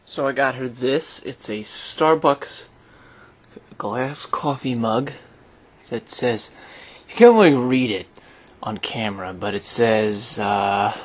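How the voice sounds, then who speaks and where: A young man talking casually to his handheld camera in a daily vlog, chatty and excitable, breaking into squeals. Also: mid-range voice, takes it slowly. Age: young adult. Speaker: vlogger. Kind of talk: casual daily video blog. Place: at home, in a car and outdoors on campus.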